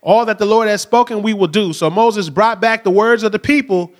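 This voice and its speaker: Man, middle-aged, high voice, conversational sermon, keeps asking the crowd. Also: fairly quick. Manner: conversational preaching, asks the crowd "right?". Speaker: pastor.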